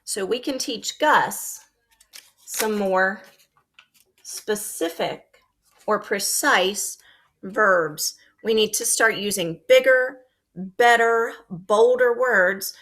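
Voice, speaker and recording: A woman teacher giving a recorded lesson to young children, speaking slowly and clearly and acting out her example sentences with lots of expression. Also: mid-range voice, fairly bright tone.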